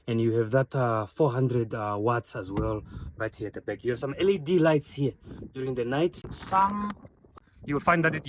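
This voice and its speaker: Man, car review walkaround, enthusiastic, average pitch, dry close sound. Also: dry recording. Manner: enthusiastic, addresses viewers as ladies and gentlemen; pointing things out with frequent fillers.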